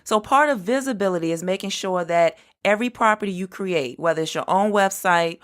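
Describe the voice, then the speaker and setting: A woman hosting her own business podcast, explaining things step by step and spelling out web addresses slowly. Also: medium pitch. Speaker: podcast host. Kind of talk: solo business podcast talk.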